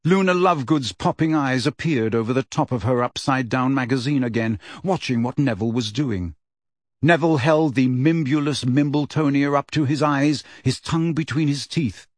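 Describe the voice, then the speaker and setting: A man narrating an audiobook in a measured, steady storytelling voice. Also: medium pitch, dry recording, studio quality.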